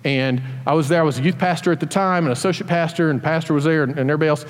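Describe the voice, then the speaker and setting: A man preaching a sermon, telling stories animatedly and acting out voices in quick asides. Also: fairly high pitch, long reverb tail. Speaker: pastor.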